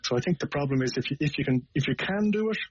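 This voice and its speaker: A man with an Irish accent, a guest on a radio discussion, explaining things in a measured way with small hesitations. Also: fairly high pitch, lively intonation, background noise. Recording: dull lo-fi radio broadcast.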